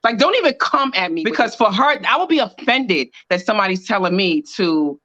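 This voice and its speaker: A woman's voice: medium pitch, expressive, a little fast, hardly any pauses, fairly bright tone, no echo, highs cut off. A woman co-hosting a casual reality TV recap chat, emphatic and opinionated as she makes her point. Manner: emphatic, opinionated, repeats "this is what I'm saying". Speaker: co-host.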